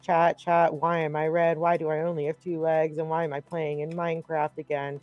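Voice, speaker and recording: A man's voice: a little high, level tone, a little fast, dull audio, lightly acted. A man playing a boastful lava-walking game creature, in a silly sing-song way, over background music.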